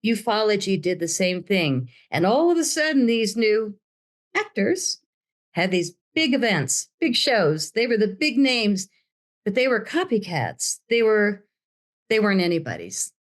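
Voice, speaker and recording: A woman's voice: mid-range voice, big pitch swings, unhurried. Older lady guest, dramatic storyteller, does the voices of people she quotes. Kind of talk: storytelling in a remote interview.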